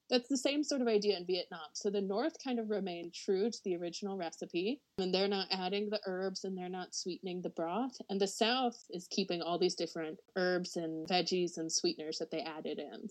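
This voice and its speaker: A woman's voice: medium pitch, low-quality recording. Chatty woman podcast host. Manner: chatty, laughs often, frequent "like". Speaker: podcast co-host presenting a topic. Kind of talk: casual podcast chat.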